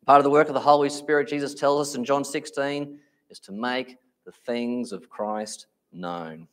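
Male preacher, sermon delivery, emphatic, drags out key words, mid-range voice. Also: medium pitch. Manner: emphatic, slows down on key phrases.

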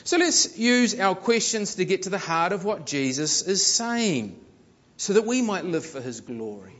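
A man's voice: high voice, very animated, unhurried, fairly bright tone, in a large hall, muffled recording. A man preaching a sermon, reading scripture aloud with strong, varied emphasis.

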